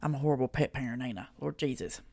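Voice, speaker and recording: A woman's voice: very deep voice, fast, a little mellow, no room sound, studio quality. A woman with a rural Southern US accent, talking bluntly to her chat on a live reaction stream, swearing freely and laughing often.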